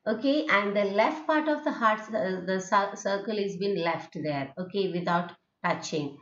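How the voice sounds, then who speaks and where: A woman with an Indian English accent teaching pronunciation at a slow, patient pace. She draws out each vowel sound and keeps checking in with her students. The recording is dull and lo-fi, and her voice echoes in the room. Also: medium pitch. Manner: slow, drawn-out modelling of vowel sounds with frequent "okay?". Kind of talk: lecture on English phonetics.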